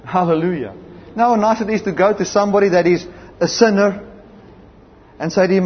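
This is a high, fairly quick male voice with a South African English accent. He preaches a sermon, telling stories with emphasis and calling out amen and hallelujah. The lo-fi recording sounds slightly dull and carries faint background noise.

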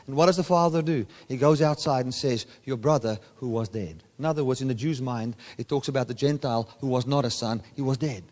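A man preaching a sermon, often swinging his voice from loud, high emphasis to low, quiet asides. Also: normal speed. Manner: animated preaching, voice rising and dropping sharply for emphasis. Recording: long hall reverb.

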